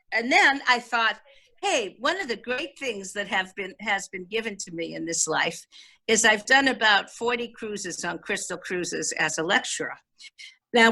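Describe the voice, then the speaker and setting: A woman's voice: medium pitch, bright, forceful tone. An older woman giving an informal talk about films in a chatty, enthusiastic way, with many fillers. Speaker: film critic giving an online talk. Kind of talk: casual talk on movies.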